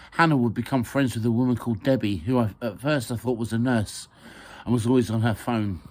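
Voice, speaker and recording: A man's voice: mid-range voice, slight background noise. A man reading his own memoir aloud, hesitant with fillers and a dry sense of humour.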